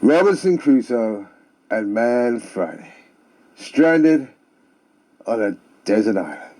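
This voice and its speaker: A man's voice: mid-range voice, very animated, slow, dark tone. A man telling comic stories and jokes in a theatrical manner with sing-song refrains. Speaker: storyteller. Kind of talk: comic storytelling.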